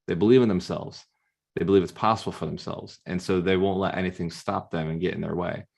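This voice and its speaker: Low-ish voiced guy mentoring on a video call, punchy motivational talk, keeps asking the crowd questions. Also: fairly even intonation, quick pace, vocal fry, a little mellow. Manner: punchy, rhetorical questions to the audience. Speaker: real estate mentor.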